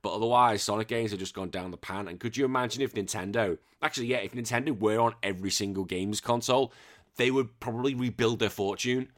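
A man, hosting a podcast in casual chat, rambling and excitable and swearing freely. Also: fairly low pitch, quick pace. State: recovering from illness. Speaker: podcast host.

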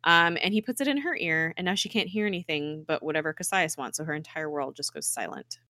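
A woman's voice: low-pitched, fast talker, pushed and bright, no echo. A woman co-hosting a podcast, recapping a TV episode in a chatty, laughing way with lots of fillers.

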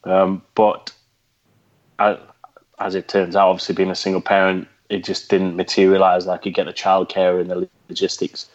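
A man with a Geordie accent talks in a low voice. He speaks reflectively, with fillers and restarts. The audio is dull and lo-fi. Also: completely flat delivery, moderate pace. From North East England. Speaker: guest, former special forces veteran. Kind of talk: conversational interview.

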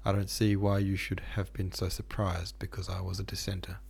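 A male reader gives a dry American man who mocks with a straight face. His teasing is calm and grave. The voice sits low and slightly husky. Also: moderate pace, heavily acted.

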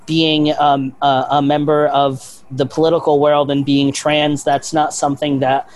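Casting: mid-pitched podcast guest, easygoing and profane, laughs a lot. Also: measured pace. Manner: casual, relaxed, swears, laughs often. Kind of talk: casual podcast chat.

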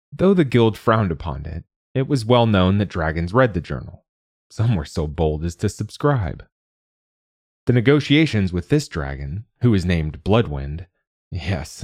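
A man's voice: low voice, a little mellow, husky, no echo. A man narrating a fantasy story in the first person with a dry, wry manner. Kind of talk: scripted audiobook narration.

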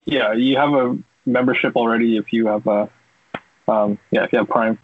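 A man's voice: mid-range voice, fairly even intonation, moderate pace, a little hiss or hum. A man co-hosting a podcast in casual chat, easygoing and hesitant, heard through wireless earbuds that sound airy. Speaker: podcast co-host. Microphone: wireless earbuds mic. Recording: dull, airy earbud mic.

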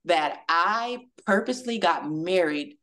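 A woman's voice: on the low side, slow pace. Woman telling an emotional faith story. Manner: acts out quoted dialogue with lively shifts; emotional, testimonial tone. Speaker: podcast guest. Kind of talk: animated personal storytelling.

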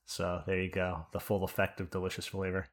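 A man's voice: low voice, a little fast. A man from New Jersey telling a story in casual podcast chat, swearing freely and acting out the people he quotes. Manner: animated, profane, acts out quotes. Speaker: podcast host.

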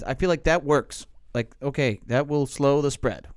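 A man co-hosting a casual podcast, telling rambling stories at his own expense and cursing freely. His voice is smooth and resonant, recorded close and dry with no room sound. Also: fairly high pitch, moderate pace, no echo. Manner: rambling, self-mocking storyteller with frequent cursing. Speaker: podcast co-host. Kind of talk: casual chat.

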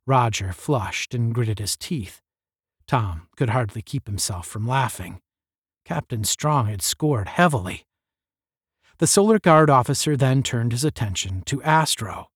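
A man narrating a novel aloud in a steady storytelling manner. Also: medium pitch, a little slow, husky, no echo, studio quality.

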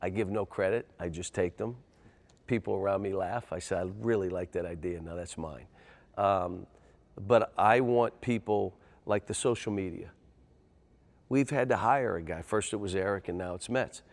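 An older man, a basketball coach, telling animated stories in an interview and getting loud and excitable. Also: low voice, normal speed. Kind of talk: interview storytelling.

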